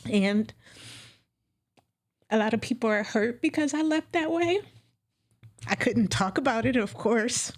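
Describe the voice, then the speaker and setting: A woman guest on an interview, recounting her career with open emotion. Her voice sits a bit high, and she animates her story by acting out her past lines. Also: measured pace, pauses often. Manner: emotional, animated, acts out her own quotes.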